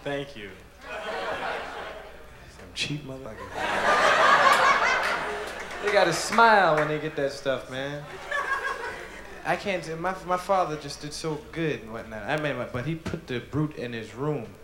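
A man's voice: on the high side, expressive, measured pace, pauses often. A male stand-up comedian telling profane stories and acting out the people in them. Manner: profane storytelling, acts out quotes. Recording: echoey room, loud noise.

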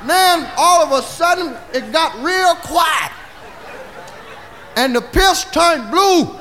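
A man doing stand-up storytelling in a bawdy, drawling way, tagging lines with "see?". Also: extremely high pitch. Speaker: comedian. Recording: live comedy record with audience laughter and noise.

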